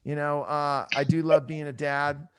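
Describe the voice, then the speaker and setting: Animated middle-aged comedian over a video call. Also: male voice, a little high, unhurried, a crowd in the background. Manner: animated storytelling, acts out voices of family. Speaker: stand-up comedian. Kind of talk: stand-up set on a video call. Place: home room in San Diego. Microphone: headphone mic on a video call. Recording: video call with loud audience laughter.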